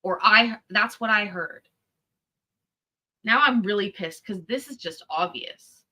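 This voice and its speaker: A woman's voice: mid-range voice, slow pace, bright, forceful tone. A woman commenting on a court clip, talking bluntly and with profanity. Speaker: commentator reacting to court testimony. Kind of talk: reaction commentary.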